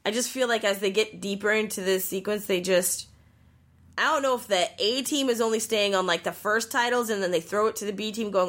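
A woman's voice: mid-range voice, brisk, a bit bright. A woman co-hosting a casual podcast, ranting animatedly and swearing freely. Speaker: podcast co-host.

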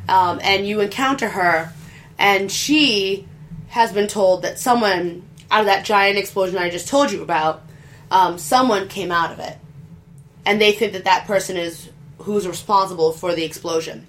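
A woman's voice: mid-range voice, moderate pace, a bit bright, a little hiss or hum. Chatty woman rambling about games. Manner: chatty, rambling, crude humor. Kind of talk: casual video game chat.

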